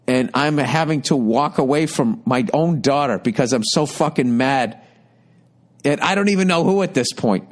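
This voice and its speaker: A man in his fifties hosting a podcast, telling a rambling comedic story with constant swearing and exasperated ranting. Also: medium pitch. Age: 50s. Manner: profane, exasperated, rapid ranting. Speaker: podcast host. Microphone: podcast studio mic.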